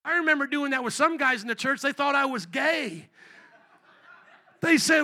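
A middle-aged man from Indiana preaching a sermon as pastor, telling jokey stories in an animated, playful way. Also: extremely high pitch, moderate pace, long pauses. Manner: animated, joking storyteller. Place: church.

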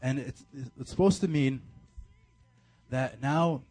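A man preaching a casual, animated sermon to a youth group, full of slang and fillers. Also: mid-range voice, slow pace, faint music behind. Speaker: youth pastor.

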